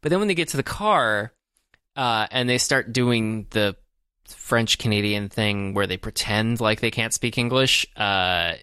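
A man's voice: fairly low pitch, unhurried, pushed and bright, clear, resonant tone, no echo, studio quality. A man co-hosting a podcast, talking casually about a comedy film, rambling with lots of fillers and restarts. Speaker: podcast co-host. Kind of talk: casual movie discussion.

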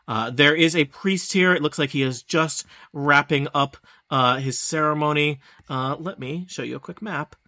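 A man's voice: fairly high pitch, normal speed, sharp tone, no echo, studio quality. A man narrating a tabletop game as game master, rambling with fillers. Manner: rambling, many fillers and restarts.

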